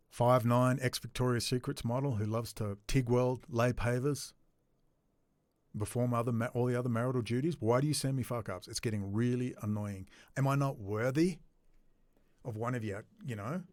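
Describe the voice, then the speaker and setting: A man's voice: mid-range voice, darkish tone, dry recording, clean studio sound. A man in an unscripted, angry, profane rant to camera. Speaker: video blogger.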